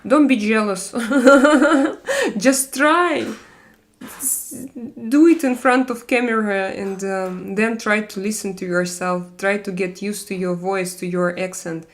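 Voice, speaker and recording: A woman's voice: mid-range voice, fairly even intonation, measured pace. A woman in her forties with a Russian accent, hosting a casual live stream and chatting with viewers, speaking non-native English with many fillers and restarts. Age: 40s.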